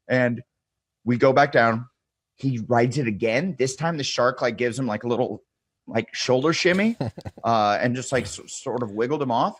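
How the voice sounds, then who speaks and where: Animated man telling a wild story. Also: medium pitch, moderate pace, no room sound. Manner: animated storyteller, acts out quotes, swears freely, laughs often. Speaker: podcast guest. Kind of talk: casual storytelling chat.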